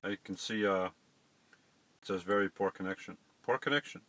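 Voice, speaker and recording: A man's voice: low-pitched, normal speed, fairly bright tone, no room sound. A middle-aged man hosting a casual live stream, chatting to viewers and fumbling with settings.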